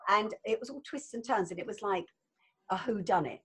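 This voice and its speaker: An older actress chatting as an interview guest, effusive and laughing often, with a husky voice. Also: female voice, medium pitch, lively intonation, a little fast. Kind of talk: casual interview chat.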